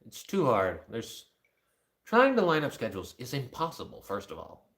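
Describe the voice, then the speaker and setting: A man rambling and joking in a loose, casual vlog. His mid-range voice swings widely in pitch as he talks. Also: huge pitch swings, moderate pace, fairly bright tone. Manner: rambling, jokey, jumps into a high baby-talk voice for his dog. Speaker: vlogger. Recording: picked up through a building announcement speaker.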